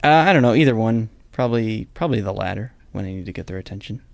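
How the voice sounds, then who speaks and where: A man's voice: fairly low pitch, expressive, fast, vocal fry, no echo. A young man hosting a casual podcast chat, rambling and correcting himself as he goes. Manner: rambling, self-correcting, chuckles often. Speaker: podcast host.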